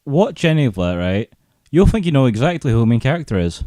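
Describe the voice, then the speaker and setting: A man's voice: medium pitch, big pitch swings, fast talker, mellow, dry recording, studio quality. A man co-hosting a casual podcast chat, teasing his co-host and telling stories dramatically.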